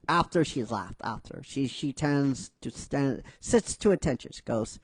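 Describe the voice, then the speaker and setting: A man narrates a fan-written story in a casual, rambling way, checking in with listeners. His delivery is unhurried with lively swings of pitch. The recording is dry and close. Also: dry recording. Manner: rambling, many restarts and "right?" asides.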